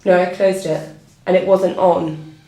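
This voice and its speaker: A woman's voice: on the low side, level tone, unhurried, warm tone. A woman producer in an improvised mockumentary, flustered and exasperated, often repeating herself.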